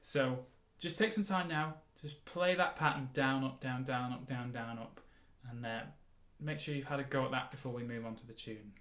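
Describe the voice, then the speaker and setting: A man teaching a mandolin lesson, explaining in a relaxed way and counting the beats aloud. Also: mid-range voice, moderate pace, hardly any pauses. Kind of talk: casual music lesson. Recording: roomy sound with mandolin playing.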